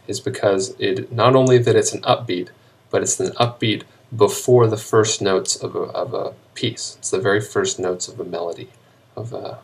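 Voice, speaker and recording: A man teaching a recorded high school music lesson, explaining terms in a relaxed way with frequent ums and pauses. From United States. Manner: relaxed explaining with many ums, sings short melody examples slowly. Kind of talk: recorded classroom video lesson.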